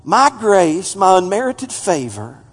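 A man, a pastor, preaching a sermon to his congregation, swinging from loud emphatic peaks down to quiet asides. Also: sits high, big pitch swings, takes it slowly, big-room sound. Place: church sanctuary.

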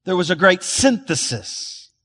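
A high, bright-toned male pastor delivers a sermon, often asking the congregation to repeat words back to him. His speech is loose, with restarts and fillers. His voice rings with a long hall reverb. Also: sing-song, measured pace. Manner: calls for audience responses, restarts and fillers.

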